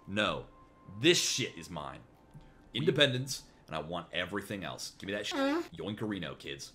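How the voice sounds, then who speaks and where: A man giving casual gameplay commentary, excitable and jokey, with sudden swearing outbursts. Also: fairly low pitch, normal speed, slight background noise. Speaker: gameplay streamer.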